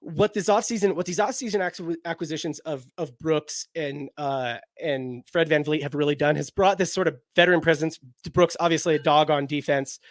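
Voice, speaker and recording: Co-hosting a laid-back basketball show, this young man rambles along and uses "like" constantly. He sounds slightly high and steady, talking fairly quickly with few pauses, in a clean studio recording with no echo.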